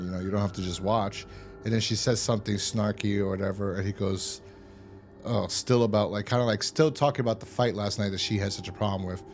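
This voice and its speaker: A man's voice: lowish voice, darkish tone, a little hiss or hum. A man recapping and reviewing a TV episode in a casual, rambling way, swearing often and acting out quoted lines. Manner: rambling, profane, retells scenes with quoted lines. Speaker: show reviewer.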